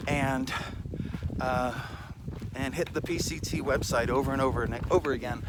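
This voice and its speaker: In a mid-range voice at normal speed, a weary hiking vlogger talks to the handheld camera he carries along a desert mountain trail, with background noise around him. He's slightly winded, rambles in a self-deprecating way, and throws in the odd swear word.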